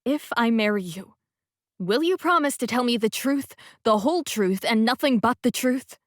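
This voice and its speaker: A woman voicing an emotional pregnant young woman in an audiobook romance, with high, pleading, tearful lines. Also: lively intonation, normal speed, dry recording, clean studio sound, lightly acted. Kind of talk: audiobook dialogue reading.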